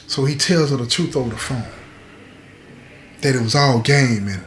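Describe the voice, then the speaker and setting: A man's voice: medium pitch, normal speed, echoey room, a little hiss or hum. Streetwise man telling a story. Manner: streetwise, conversational, constantly checks in with the listener. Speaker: host. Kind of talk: storytelling to camera.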